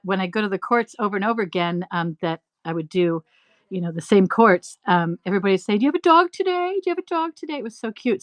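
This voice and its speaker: A middle-aged woman hosting a live resale stream, rambling through animated stories and laughing often. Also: mid-range voice. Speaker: live-stream reseller host. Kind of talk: chatty live-selling stream.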